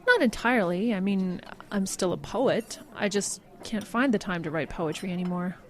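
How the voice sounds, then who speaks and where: An actress playing a flustered young radio writer in a comedic radio drama, who stammers and dodges questions. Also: female voice, mid-range voice, moderate pace, natural voice. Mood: wry. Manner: dodging questions, stammering when cornered.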